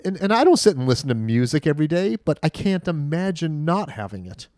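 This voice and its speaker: Animated man in casual podcast chat. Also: a little high, brisk, dry recording, clean studio sound. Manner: animated storyteller, acts out quotes. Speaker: podcast guest.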